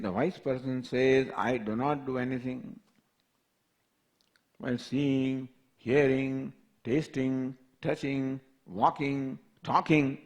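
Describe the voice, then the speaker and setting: Older guy lecturing on scripture, real slow, gravelly voice, keeps asking questions and quoting verses. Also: medium pitch, fairly even intonation, a little mellow. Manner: slow, repetitive questioning, reciting Sanskrit verses. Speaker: spiritual teacher.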